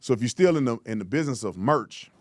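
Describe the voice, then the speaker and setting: A man hosting political commentary, talking in a blunt, mocking, animated way. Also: medium pitch, fast, slight background noise. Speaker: host.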